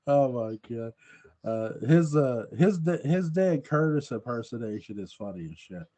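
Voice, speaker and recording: A man's voice: medium pitch, animated, a little slow, dark tone. A man hosting a movie review podcast, talking in a loose, rambling way and laughing often. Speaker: podcast host. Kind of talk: casual movie review chat.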